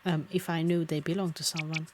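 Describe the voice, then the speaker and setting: A woman's voice: low voice, flat delivery, brisk, a little hiss or hum, close to an everyday voice. A woman reading the lines of a small, brave boy bug creature in a game, polite and eager to please.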